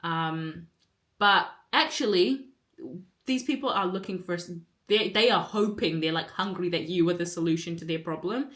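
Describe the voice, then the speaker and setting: A woman's voice: fairly low pitch, moderate pace, fairly bright tone. A woman in her twenties talking to camera in a rambling, candid way, full of fillers and self-mocking asides. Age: 20s. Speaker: vlogger and actor. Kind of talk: casual chat to camera. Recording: roomy echo.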